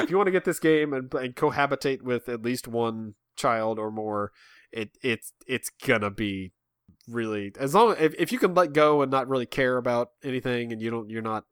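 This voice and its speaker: A man's voice: mid-range voice, clean tone, no echo, studio quality. A man in his thirties chatting casually as a podcast co-host, rambling with lots of restarts and self-mocking asides. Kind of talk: casual chat.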